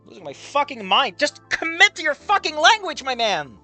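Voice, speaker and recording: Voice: sits high, huge pitch swings, normal speed, sharp tone, soft background music. A streamer reading through a game and ranting about its writing in a profane, exasperated way. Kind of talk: game playthrough commentary.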